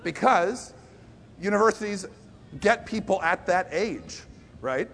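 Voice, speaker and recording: With a high-pitched, gravelly voice and a slow pace, a preacher tells stories vividly in a conversational sermon. He shifts from quiet to loud for emphasis and pokes fun at himself along the way.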